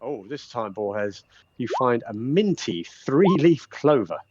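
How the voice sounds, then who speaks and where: Man running a tabletop game, lively pitch. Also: takes it slowly, breathy edge, dry recording. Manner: chatty, laughing, many fillers and restarts. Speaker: dungeon master. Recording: dull lo-fi sound.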